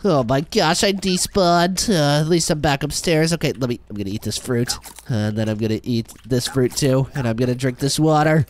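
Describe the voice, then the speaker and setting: A man's voice: fairly high pitch, normal speed, slight background noise. A man casually commenting while playing a video game, goofy and whiny, answering orders with eager "yes sir" replies. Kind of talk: casual gaming commentary with role-play.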